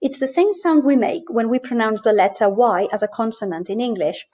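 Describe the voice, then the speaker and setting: A woman language teacher explaining over slides, clear and patient, slowing down to model each sound. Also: fairly high pitch, mellow. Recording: dull lo-fi voice-over.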